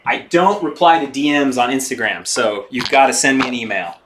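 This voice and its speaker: A man's voice: mid-range voice, brisk, background noise. A man hosting a casual live stream while working on his bike, rambling and swearing casually as he reads chat aloud.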